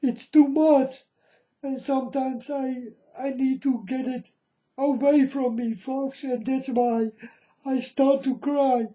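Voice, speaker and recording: Slow, very dark-voiced man testifying earnestly. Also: very high-pitched, steady tone, dull audio. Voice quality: non-native English grammar. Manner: earnest, pleading, repeatedly addressing listeners as folks. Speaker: self-proclaimed prophet. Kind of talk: emotional personal testimony to viewers.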